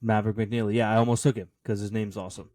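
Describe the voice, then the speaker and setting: A man's voice: fairly low pitch, level tone, rapid-fire, darkish tone, no echo. A man co-hosting a casual sports podcast, joking and playful as he runs through his bets. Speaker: podcast co-host.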